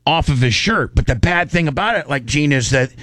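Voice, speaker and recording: Excitable male radio host telling stories. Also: a little high, brisk, no echo. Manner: animated, excitable, many restarts. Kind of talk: casual storytelling chat.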